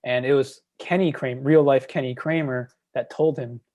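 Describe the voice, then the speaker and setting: A man's voice: medium pitch, fairly even intonation, moderate pace, a little mellow, dry recording. A man guest on a podcast, rambling casually through trivia with many fillers. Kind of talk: casual chat.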